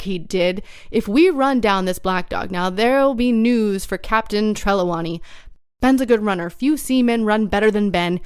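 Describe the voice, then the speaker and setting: A woman voicing a crafty, hearty one-legged pirate landlord who talks loud and blusters, in a storybook reading. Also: mid-range voice, smooth, no room sound, studio quality, lightly acted. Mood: excited.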